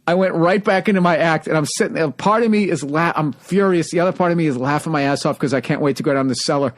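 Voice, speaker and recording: A man in casual conversation, telling animated, profane stand-up club stories. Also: a little high, fast. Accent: Boston. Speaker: comedian, podcast co-host. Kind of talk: casual chat, storytelling.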